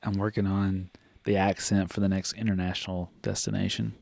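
Man, low gravelly voice, casual podcast co-host, rambling jokey talk, dry close sound. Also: little pitch movement, a little fast, darkish tone, no echo. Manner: rambling, jokey, talks over partner. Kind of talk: casual chat.

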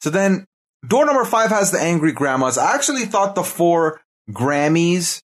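A man with a fairly high, very lively voice that swings up and down as he reasons out loud. He is a podcast co-host in easy, casual chat. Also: moderate pace. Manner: thinking aloud, walking through clues.

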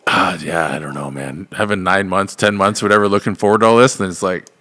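A man's voice: deep voice, fairly even intonation, brisk, bright, forceful tone. A man co-hosting a podcast in casual chat, laid-back, giving short reactions and swearing. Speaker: podcast co-host.

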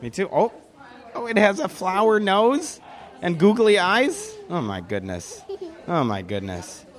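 A man's voice: sits high, sing-song, a little slow. A man from Wisconsin chatting playfully with kids into a handheld microphone, goofy and stumbling over his words. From Milwaukee, Wisconsin. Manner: playful, goofy, stammering restarts. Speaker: visitor chatting with children at an event. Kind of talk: casual chat.

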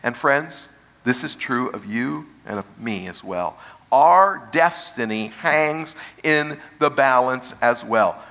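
Pastor, male, preaching a sermon; brightish, somewhat high voice that slows to stress key phrases.

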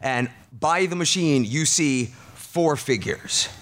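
A man's voice: fairly high pitch, takes it slowly. A man narrating as game master of a live comedy tabletop game. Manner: lively, laughing.

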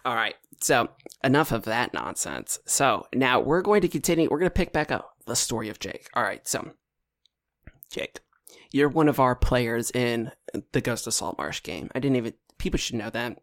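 A man hosting a casual podcast and running a tabletop game, playful and chatty and quick to laugh. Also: mid-range voice, sing-song, fairly bright tone. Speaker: podcast host and game master. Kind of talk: casual chat.

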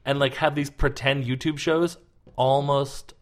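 A man's voice: medium pitch, level tone, unhurried. A man talking as a podcast co-host in casual chat, rambling and full of fillers as he tells stories. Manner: rambling, filler-heavy storytelling.

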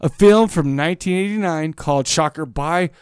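A man's voice: fairly high pitch, moderate pace, a little mellow, clean tone, no echo, studio quality. Laughing man with hiccups. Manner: joking, laughs often, hiccuping. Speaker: podcast co-host. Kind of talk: casual chat.

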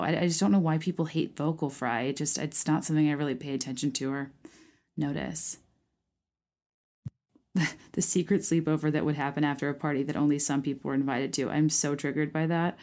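A woman in her thirties chatting casually as a podcast host, rambling with lots of fillers, restarts and "like", with a touch of vocal fry. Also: deep voice, dark tone. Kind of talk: casual chat, reacting to listener prompts.

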